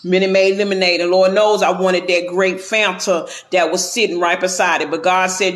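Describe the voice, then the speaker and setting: A man's voice: high-pitched, normal speed, hardly any pauses, a bit bright, roomy sound. A man hosting a casual livestream, chatty and encouraging, talking straight to his viewers and weaving faith into his talk. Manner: sprinkles talk with faith and praise. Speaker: livestream host. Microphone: phone, going live.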